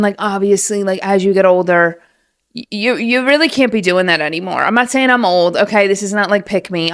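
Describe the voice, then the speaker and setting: A woman in her late twenties talks straight to her listeners in a loose, rambling way. She is chatty and animated, and she hosts a casual solo podcast recorded at home. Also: medium pitch. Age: late 20s. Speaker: podcast host. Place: room at home. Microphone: set-up podcast mic at home.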